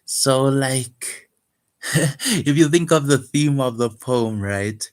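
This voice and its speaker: A man's voice: mid-range voice, slow. A man talking casually and hesitantly about his own poem, full of fillers and restarts. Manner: soft-spoken, wistful, guarded. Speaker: poet vlogger. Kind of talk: casual reflective monologue.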